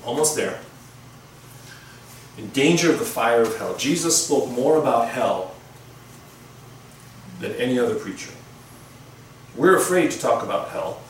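A man's voice: mid-range voice, lively intonation, a little hiss or hum. Echoey preaching man from afar. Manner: conversational preaching with pauses and restarts. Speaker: pastor. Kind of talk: sermon. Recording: echoey room from far off.

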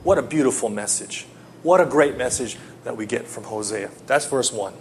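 A man preaching a sermon, telling a personal story and swinging between loud pleading and hushed tones. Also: medium pitch, lively intonation, moderate pace, slight background noise.

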